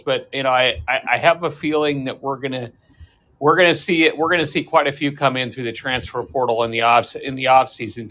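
Man, podcast host, bright tone, rambling, self-mocking. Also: medium pitch. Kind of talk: casual sports podcast talk.

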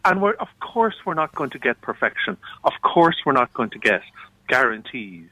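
An Irish man speaking as a union official in a radio interview, earnest and halting, often restarting his sentences. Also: mid-range voice, sing-song, sharp tone, dry recording, poor audio.

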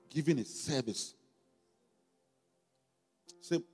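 A man's voice: fairly high pitch, big pitch swings, a little slow, long pauses, darkish tone. A man with a Ghanaian accent preaching a sermon in a church hall, emphatic and full of call-and-response questions to the congregation. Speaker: pastor. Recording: long hall reverb, faint music behind.

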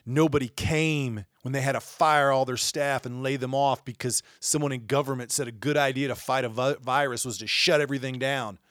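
A man hosting a podcast, giving an impassioned monologue that swells into loud rhetorical questions. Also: medium pitch, steady tone, brisk, few pauses, no room sound, studio quality. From Indiana, United States. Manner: fiery, rising to shouted rhetorical questions. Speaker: podcast host.

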